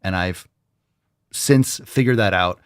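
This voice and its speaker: A man's voice: deep voice, takes it slowly, clean tone, no room sound. Brief: male fitness podcast host, blunt and profane, hypes things up with mock sales talk, dry close sound. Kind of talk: casual podcast monologue.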